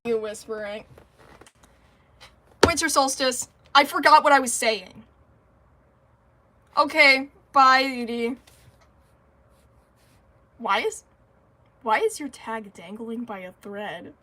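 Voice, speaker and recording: A woman's voice: on the high side, slow pace, long pauses, sharp tone. A woman chatting casually on a livestream, rambling and giggling, talkative and a bit nervous.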